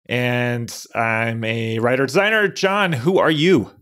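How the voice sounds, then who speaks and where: A man co-hosting a podcast, talking in a relaxed, thoughtful, casual way. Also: medium pitch, slow. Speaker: podcast co-host.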